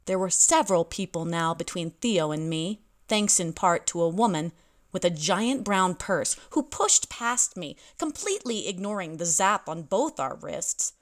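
A young woman narrates her own story, wry and quick to poke fun at herself. Her voice sits a little low. The delivery is plain, first-person storytelling. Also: lively intonation. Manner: wry, self-deprecating. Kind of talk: audiobook narration.

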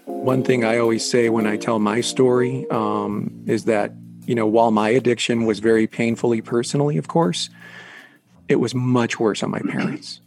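A man interviewing a guest, asking gentle, probing questions with a few fillers. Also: mid-range voice, fairly even intonation, moderate pace, gravelly, soft background music.

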